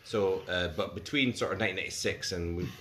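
Speaking fast in a low voice that sounds pushed and bright, a man in his forties co-hosts a casual music podcast. His talk is rambling and hesitant, packed with fillers and restarts, and the roomy recording carries faint background hiss.

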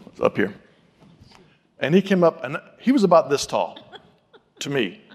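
A man delivering a sermon in a lively storytelling style, acting out the people he quotes. His voice sits a bit high for a man. The sound carries a long reverb from a large hall. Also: moderate pace. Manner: animated, acts out quoted voices. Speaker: pastor.

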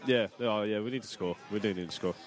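A man chatting as co-commentator at a live football match and urging the team on. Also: fairly low pitch. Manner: urging the team on, quick asides. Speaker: co-commentator, a player. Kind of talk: casual football chat. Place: outdoor football ground.

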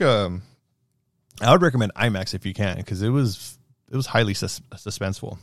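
A young man with a deep, gravelly voice rambles through a casual movie review, animated, full of fillers and the odd swear word. The sound is close and dry, with no room around it. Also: fairly quick, dry recording.

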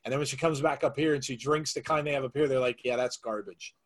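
A man with a mid-range voice hosts a podcast in relaxed conversation. He is easygoing and affirming and laughs often. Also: mid-range voice, racing. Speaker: podcast host. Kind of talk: casual podcast chat.

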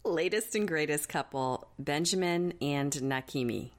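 A young woman co-hosting a casual recap podcast, animated and laughing often. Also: sits low, measured pace. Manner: animated, laughing, mimics people she talks about. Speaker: podcast co-host.

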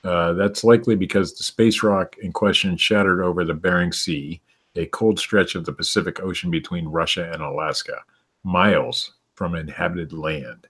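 A man's voice: sits low, steady tone, a bit bright, slightly rough. A man co-hosting a podcast, reading odd news stories aloud with stumbles and bursts of laughter. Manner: reads stories haltingly, laughing through them.

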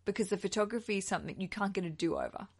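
A woman's voice: mid-range voice, huge pitch swings, rapid-fire, darkish tone. A woman in her thirties with an Australian accent, hosting a podcast in a chatty, effusive way. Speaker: podcast host. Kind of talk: casual podcast chat.

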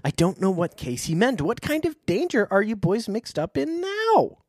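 A man voicing a frightened, fussy middle-aged aunt in a rattled, shrill way. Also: wildly swooping pitch, normal speed, a little mellow, dry recording, clean studio sound, exaggerated voice. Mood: anxious.

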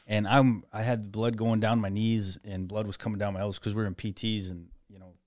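A man with a fairly low voice talks through a military training memory in relaxed podcast conversation. The recording is dry and close. He is reflective and unhurried, with casual swearing. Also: no echo.

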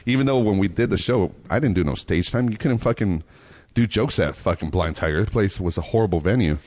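A man with a fairly low voice hosts a casual podcast chat. He tells a long story loosely and swears freely. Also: a little fast, darkish tone. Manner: profane storytelling.

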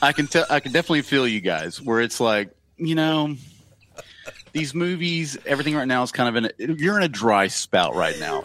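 A man's voice: mid-range voice, very animated, fairly quick, heavy background noise. A man co-hosting a podcast, joking crudely and animatedly in casual chat. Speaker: podcast co-host.

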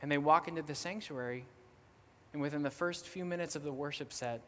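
A young man, a missionary guest speaker, tells a story in a sermon, lively and casual with frequent fillers. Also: a little high, a little fast, long reverb tail. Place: church sanctuary.

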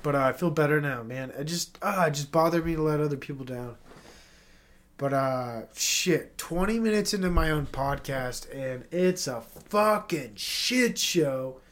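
A man's voice: a little high, lively intonation, a little slow, fairly bright tone. A young man hosting his own podcast, talking alone in a rambling, profane and emotional confessional way. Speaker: podcast host. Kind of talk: casual solo monologue.

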